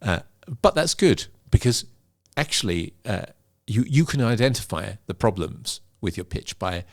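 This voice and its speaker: Middle-aged male coach, animated and demonstrative, lowish voice. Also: normal speed. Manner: animated, demonstrates vocal emphasis. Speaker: pitch coach. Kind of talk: interview conversation.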